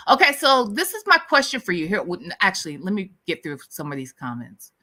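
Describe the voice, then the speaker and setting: A woman from the US Midwest with a light Southern accent, hosting a casual livestream chat with viewers in a sassy, animated way and laughing often. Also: medium pitch, brisk. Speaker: livestream host.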